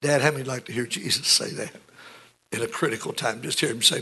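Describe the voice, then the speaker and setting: An older man preaching a sermon as pastor, swinging between booming lines and hushed ones. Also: a little fast, breathy edge.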